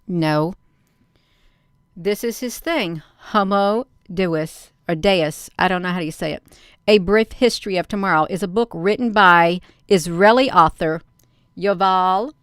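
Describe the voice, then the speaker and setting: A woman's voice: medium pitch, fairly bright tone, clear, resonant tone, no room sound, clean studio sound. A woman, hosting a casual video and reading articles aloud, urgent and repetitive, often calling out to viewers. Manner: urgent, repetitive, addresses viewers as "you all". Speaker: video host. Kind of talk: casual talk to camera, reading on-screen articles.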